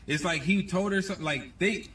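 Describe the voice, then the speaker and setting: A man telling a personal story to a camera, excited and repeating himself as he recounts events step by step. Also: high voice, fairly quick, distant mic, a little hiss or hum. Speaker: storyteller in a clip.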